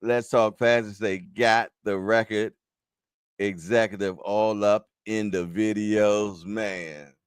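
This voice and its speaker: A man's voice: lowish voice, fairly even intonation, slow pace, clear, resonant tone, no room sound. A man hosting a casual live stream, joking, laughing often and reading viewer comments aloud in loose slang. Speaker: livestream host.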